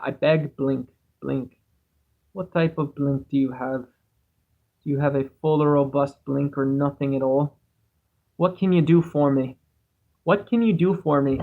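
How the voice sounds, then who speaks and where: A man with a somewhat high voice hosts a relaxed livestream. He reads chat messages aloud and wanders from thought to thought, often putting himself down. He talks into a cheap home microphone. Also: moderate pace, phone-quality sound. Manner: rambling, musing, self-deprecating. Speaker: livestream host.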